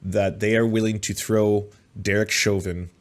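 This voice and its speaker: A man's voice: lowish voice, flat delivery, a little slow. A man with a Canadian accent hosting a live commentary stream, sarcastic and profane, with many filler sounds. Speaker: host.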